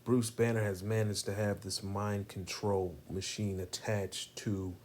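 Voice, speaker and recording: A man casually reviewing a comic book issue from home, rambling and animated, with lots of "you know what I'm saying.". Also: on the low side, a little slow, a little hiss or hum. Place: home room with lighting and a poster.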